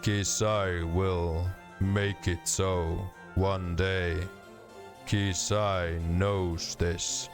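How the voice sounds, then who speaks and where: A man voicing a stern, ponderous stone-like warrior monk who speaks very slowly and refers to himself by name. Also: low voice, flat delivery, over music, exaggerated voice. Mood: solemn.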